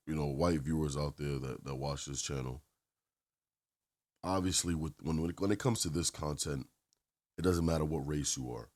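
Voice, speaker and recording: Male channel host, very deep bass voice, opinionated reaction commentary, repetitive emphasis. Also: a little mellow. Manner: opinionated, repeats phrases.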